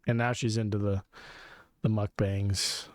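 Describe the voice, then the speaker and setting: A man's voice: on the low side, little pitch movement, a little slow, a little hiss or hum. A man co-hosting a podcast, chatting casually and profanely while reacting to videos. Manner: profane, amused, rambling. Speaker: podcast co-host.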